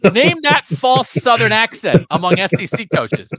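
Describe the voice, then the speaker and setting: A man's voice: high-pitched, big pitch swings, unhurried, fairly bright tone. A man co-hosting a sports podcast, giving emphatic, opinionated talk with sarcastic asides.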